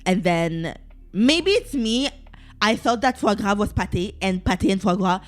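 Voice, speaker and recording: A woman's voice: mid-range voice, animated, measured pace, soft background music. A young adult woman hosting her own podcast, ranting casually with lots of swearing and side tangents. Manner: swears a lot, ranty and digressive; exasperated, exaggerated complaining. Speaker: podcast host. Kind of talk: casual solo podcast rant.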